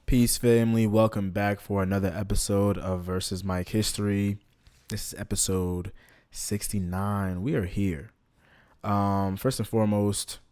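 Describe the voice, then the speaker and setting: A man's voice: lowish voice, a little mellow. A young man hosting a podcast, talking loosely with slang and plenty of filler. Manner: laid-back, loose, lots of ums and slang. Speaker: podcast host. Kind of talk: casual podcast monologue.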